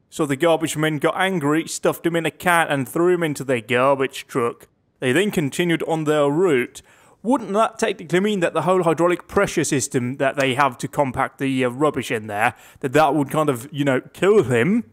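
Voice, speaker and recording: A young man casually commenting on a game he is playing, reading its text aloud with dry jokes and puns. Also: a little high. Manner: wry, jokey, reads game text aloud with quips. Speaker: gaming YouTuber. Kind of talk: casual let's play commentary.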